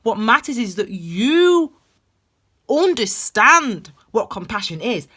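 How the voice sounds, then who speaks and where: Fiery, bright-voiced woman tarot reader. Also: medium pitch, very animated, measured pace, slightly rough. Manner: passionate and blunt, swings from loud emphasis to hushed intensity. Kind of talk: intuitive tarot reading, spiritual pep talk.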